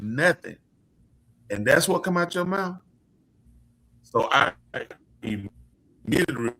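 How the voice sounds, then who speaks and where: Bright-voiced male preacher telling stories. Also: fairly low pitch. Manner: lively storyteller who acts out quoted voices. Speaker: podcast host and preacher. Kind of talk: casual storytelling chat.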